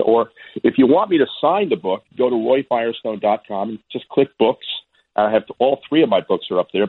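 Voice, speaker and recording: 60s guy on the phone telling stories, husky, dry tinny line. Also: fairly low pitch, dry recording. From Florida, US. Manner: animated storyteller, stammers on restarts. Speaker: guest, sportscaster and author. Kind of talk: phone interview storytelling. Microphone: telephone.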